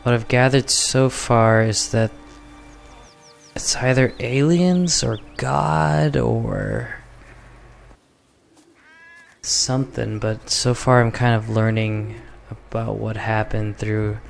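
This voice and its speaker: Young man, streamer, casual gameplay commentary, unhurried, gravelly. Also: mid-range voice, steady tone, soft background music. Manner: musing, thinking aloud, self-mocking.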